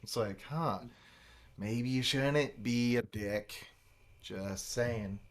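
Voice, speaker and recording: Man, casual podcast chat, animated storytelling, acted-out quotes, frequent swearing. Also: medium pitch, extremely slow. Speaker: podcast host.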